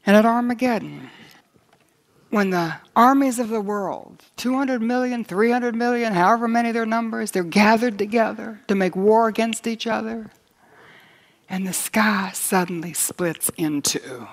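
A woman preaching a sermon in an emphatic way. She slows down for stress and lifts her voice when she reads scripture aloud. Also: a little high. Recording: long hall reverb.

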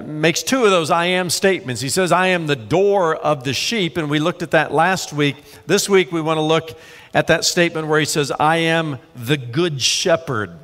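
Male pastor, slightly high voice, measured sermon delivery, long hall reverb. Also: fairly bright tone. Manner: measured preaching, slows for scripture readings.

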